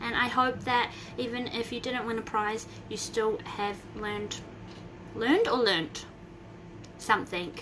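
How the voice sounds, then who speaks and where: A young woman, hosting a casual live video from home, rambling and bursting into excited squeals. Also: fairly high pitch, measured pace, noisy background. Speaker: host of a Facebook group live video.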